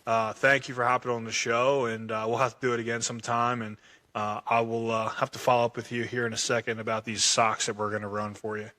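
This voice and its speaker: A man's voice: medium pitch, little pitch movement, quick pace, bright, forceful tone. A man hosting a podcast interview in a casual, chatty way, often repeating words as he thinks. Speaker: podcast host.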